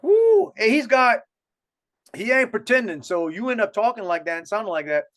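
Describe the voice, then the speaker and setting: A man with a South Louisiana accent, co-hosting a podcast, tells a long, wandering story with frequent restarts in casual chat. He sounds high-pitched, expressive, a bit bright and fairly quick.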